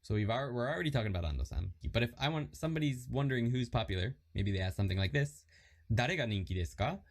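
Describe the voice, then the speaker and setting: Chatty man explaining, lively pitch. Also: quick pace. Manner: relaxed and chatty, reads and repeats example sentences. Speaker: Japanese learner teaching lessons. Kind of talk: casual lesson explanation.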